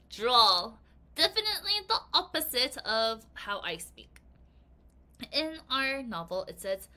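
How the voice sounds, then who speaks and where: Bright, lively woman English teacher. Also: a little high, takes it slowly, long pauses. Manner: bouncy, expressive, reads aloud with emphasis and little laughs. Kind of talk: vocabulary lesson for children.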